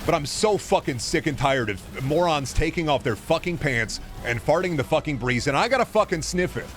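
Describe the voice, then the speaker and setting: A man's voice: a little high, animated, moderate pace, a little hiss or hum. A man ranting on a live stream, swearing constantly and sounding fed up and exasperated. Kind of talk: angry live-stream rant.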